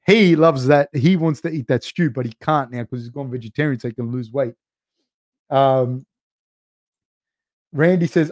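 A young man chats loosely into a close podcast mic, piling up "like" and "dude" as he rambles through stories. His voice sits at an ordinary pitch, and the sound is dry with no room echo. He talks like a relaxed host among friends, swearing now and then. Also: normal speed, pauses often. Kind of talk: casual chat, rambling storytelling.

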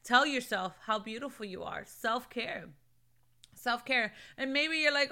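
An earnest Christian woman talks to her viewers in a casual vlog, calling them "sis" and "babe" as she encourages them. Her voice is bright and forceful. It sits a little high for a woman. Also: lively intonation, moderate pace, creaky. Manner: earnest, encouraging, laughs between points; mixes in Spanish phrases. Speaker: Christian lifestyle vlogger. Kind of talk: casual motivational talk to camera.

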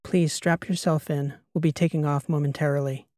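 A man voicing a calm, guarded female starship captain who speaks softly and in a measured way. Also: fairly high pitch, no room sound, clean studio sound, lightly acted. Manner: soft, measured, quiet delivery.

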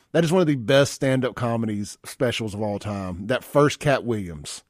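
Male radio host, blunt and folksy, mid pitch, dry booth sound. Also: expressive, moderate pace, dry recording. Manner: folksy, blunt, reads listener texts aloud. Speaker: radio talk show host. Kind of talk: casual talk radio chat. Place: radio studio.

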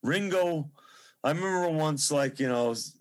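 A man's voice: fairly high pitch, normal speed. Effusive middle-aged man on a video call. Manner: effusive, rambling, reverent. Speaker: musician guest. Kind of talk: casual interview chat.

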